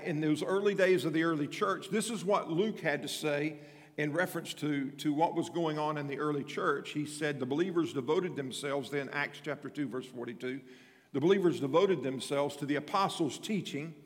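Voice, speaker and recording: A man with a high voice preaches with emphatic repetition, his words ringing through a church hall with a long reverb. He sounds like a pastor addressing his congregation directly. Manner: emphatic preaching, repeats phrases, calls on congregants by name. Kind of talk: sermon. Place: church sanctuary.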